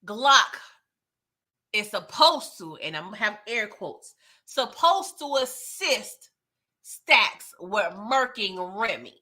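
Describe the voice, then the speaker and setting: A woman's voice: mid-range voice, big pitch swings, takes it slowly, sharp tone. A woman hosting a casual TV episode recap, chatty and slangy, talking straight to her viewers. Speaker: TV recap host.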